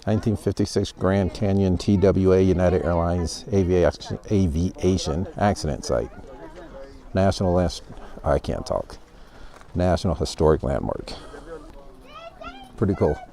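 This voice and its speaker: Deep-voiced man vlogging, out of breath. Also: moderate pace, warm tone. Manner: chatty, breathless commentary while climbing stairs. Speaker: travel vlogger. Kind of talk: casual travel vlog narration. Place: inside a stone tower and outdoors at a canyon rim.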